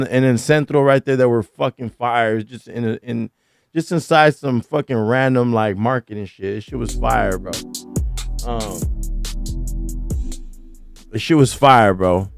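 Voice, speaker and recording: A young man talking casually as a vlogger, slangy and excitable, swearing freely and whooping loudly. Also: mid-range voice, measured pace, vocal fry, no room sound, studio quality, faint music behind. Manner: swears casually, many fillers. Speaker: vlogger describing a food trip. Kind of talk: casual chat over photos. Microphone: studio mic.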